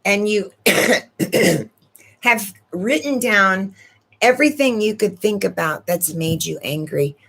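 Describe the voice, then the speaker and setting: A woman hosting her own channel, giving an unhurried spiritual talk to viewers and often asking rhetorical questions. She is sniffling a little. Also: medium pitch, lively intonation, gravelly, fairly bright tone, husky. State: sniffling from allergy medicine. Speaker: channel host.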